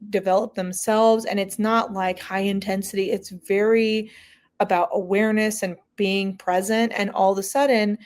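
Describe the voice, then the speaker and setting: A woman's voice: medium pitch, level tone, normal speed, darkish tone. A woman guest on a podcast, chatting casually and telling anecdotes that quote other people. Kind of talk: casual conversational interview.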